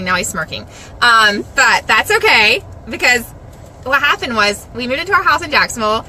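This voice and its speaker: A middle-aged woman, talking casually and devotionally to the camera in a chatty, self-deprecating way with lively asides. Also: fairly high pitch, slight background noise, poor audio. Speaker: Christian vlogger.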